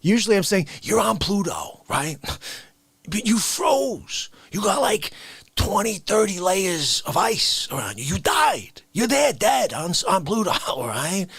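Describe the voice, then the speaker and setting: A man playing an indignant old-school Bronx man, ranting in a comedy bit, swinging from shouts to whispers. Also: high voice, very animated, unhurried, vocal fry, slightly rough, no echo, heavily acted. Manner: ranting, exasperated, jumps from shouts to hushed whispers.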